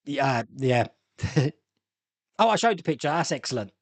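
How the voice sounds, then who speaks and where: A man's voice: mid-range voice, sing-song, normal speed, no echo. A middle-aged man hosting a casual live stream, chatting, laughing often, and reading viewer comments aloud. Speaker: host.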